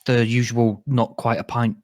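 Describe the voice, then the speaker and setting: A man's voice: medium pitch, level tone, normal speed, a little mellow, no room sound. British male podcast co-host, teasing, mid-range voice, dry mic. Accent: British English. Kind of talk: casual chat.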